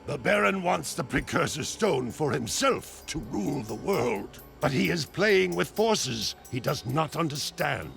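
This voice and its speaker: An actor playing a grave old male mentor in a video game, speaking solemnly with a gravelly voice. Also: on the high side, big pitch swings, measured pace, hardly any pauses, a bit bright, faint music behind, full character voice. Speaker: game character.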